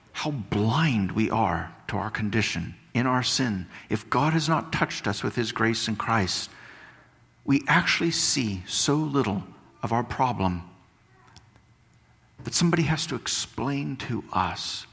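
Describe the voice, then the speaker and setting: Slow, emphatic male preacher in a reverberant hall. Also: lowish voice, creaky. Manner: slow, emphatic preaching with rising questions and hushed drops. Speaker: pastor. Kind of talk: sermon. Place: church sanctuary. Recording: long reverb of a church hall.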